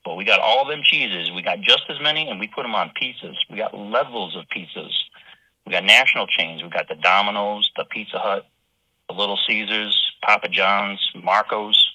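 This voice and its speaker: Gruff New York man on a voicemail. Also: on the low side, normal speed, pushed and bright, no echo, dull audio. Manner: friendly but gruff, reels off long lists. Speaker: voicemail caller. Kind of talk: rambling phoned-in message.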